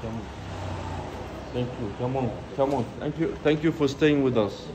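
A man from Sweden chatting casually through a travel vlog, excitable and swearing often, out in the city streets and riding in a minibus. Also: medium pitch, moderate pace. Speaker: travel vlogger. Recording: loud street traffic noise.

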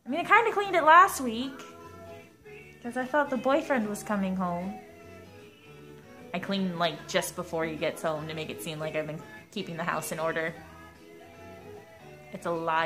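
A woman's voice: on the low side, moderate pace, long pauses, fairly bright tone, faint music behind. A young woman vlogging at home, chatting casually in a rambling, self-mocking way. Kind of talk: casual vlog chat. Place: at home indoors.

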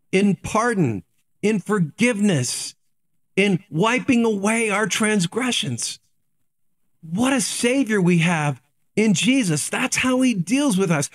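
Male pastor, higher-pitched voice, earnest devotional preaching built on rhetorical questions. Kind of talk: daily devotional sermon.

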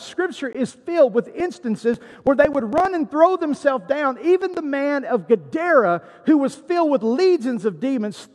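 Guy preaching hard, high pitched, big church echo. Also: darkish tone. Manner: emphatic preaching with scripture quotes. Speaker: pastor. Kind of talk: sermon.

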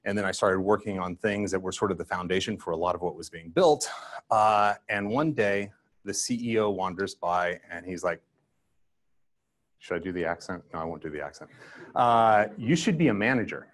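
Older guy on stage telling funny stories about himself, lowish voice. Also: moderate pace. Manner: self-deprecating storytelling, acts out his past self. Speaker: guest speaker. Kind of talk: conference talk with anecdotes.

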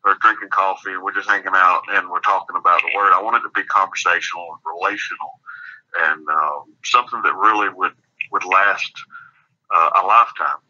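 A man's voice: deep voice, steady tone, a little fast, sharp tone. A man from Alabama, talking earnestly as an author in a casual radio interview, often restarting his sentences. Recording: dull lo-fi radio audio.

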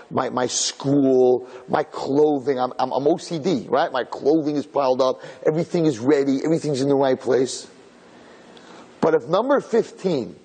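Animated rabbi telling a story in a hall. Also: male voice, medium pitch, husky. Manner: animated storyteller, repeats words, rises to shouts at the climax. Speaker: rabbi giving a Torah class. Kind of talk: storytelling Torah lecture. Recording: hall reverb.

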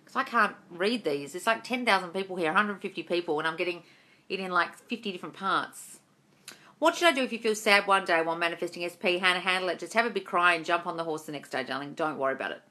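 A woman's voice: fairly low pitch, fast, sharp tone. A woman in her thirties hosting a live-stream Q&A at home, reading viewers' comments aloud and answering them bluntly and casually, calling them darling and swearing freely. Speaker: manifestation coach. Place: home room. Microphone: phone or webcam on a live stream.

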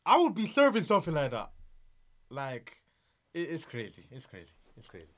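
A young man co-hosting a reaction video, hyping loudly and repeating his lines in slangy casual chat. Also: fairly high pitch, wildly swooping pitch, a little fast, slight background noise.

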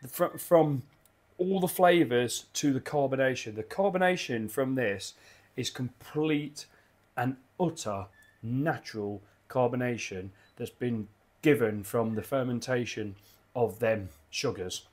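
A man's voice: medium pitch, measured pace, a little mellow. An enthusiastic man, rambling casually through a beer review at his home bar, often repeating his words.

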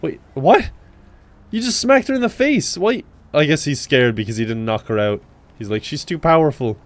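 A young man narrating his own gameplay with a fairly high voice. He drops into dry, deadpan asides, then breaks into sudden startled yelps. His delivery is comedic and chaotic. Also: moderate pace. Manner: excitable, jumps into high yelps. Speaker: gaming YouTuber.

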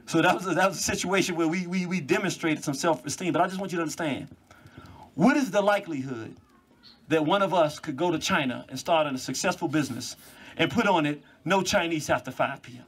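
A man giving an animated public lecture to a live audience, telling stories with mocking asides. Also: fairly high pitch, fairly quick, husky. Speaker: public speaker. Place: cultural venue before a live audience.

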